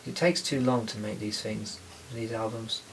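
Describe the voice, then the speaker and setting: A man's voice: lowish voice, steady tone, normal speed, slight background noise, rough recording. A man filming a casual making-of video, talking in a rambling way that halts and restarts often. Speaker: musician filming a making-of documentary. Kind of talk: casual chat.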